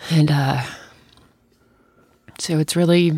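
Woman, gravelly voice, emotional, halting speech, dry close recording. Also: sits low, steady tone, a little mellow, no echo. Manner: emotional, halting, with frequent restarts; tender, close to tears at times. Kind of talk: casual conversation.

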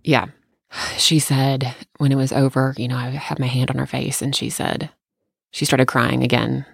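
A woman telling a personal story in casual conversation, emotional and halting, often restarting her sentences. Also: extremely low pitch, level tone, vocal fry, husky, no echo. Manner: tender, close to tears at times.

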